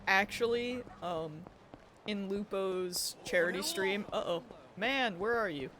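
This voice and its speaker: A woman's voice: medium pitch, slow pace, a bit bright, a little hiss or hum. A woman streamer chatting casually while playing a game and telling stories with frequent giggles. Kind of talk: casual live-stream gameplay chat.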